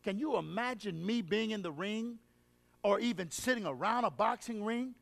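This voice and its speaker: A man preaching at a revival in a large hall, his very high, gravelly voice ringing out over a long reverb. He stretches his phrases slowly, throws questions back at the congregation, and breaks into shouts. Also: expressive. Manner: call-and-response preaching, drawn-out phrasing, bursts of shouting. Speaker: evangelist preacher. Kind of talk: revival sermon.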